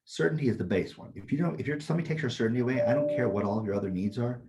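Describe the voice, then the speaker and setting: A man with a medium-pitched voice and some vocal fry talks rapid-fire over heavy background noise. He's co-hosting a casual podcast as a Taoist teacher, speaking bluntly, swearing freely, and telling energetic stories in relaxed chat.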